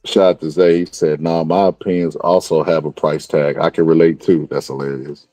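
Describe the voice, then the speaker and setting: Male host, deep voice, rambling animated storyteller, dry recording. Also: brisk, no echo. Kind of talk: casual podcast chat.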